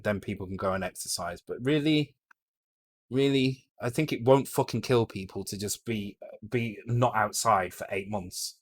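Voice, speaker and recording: A man's voice: on the low side, moderate pace. A British man on a live coding stream, thinking aloud in a blunt way, swearing freely and often breaking off to restart his sentences. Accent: British English. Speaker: streamer coding a retro game. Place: home.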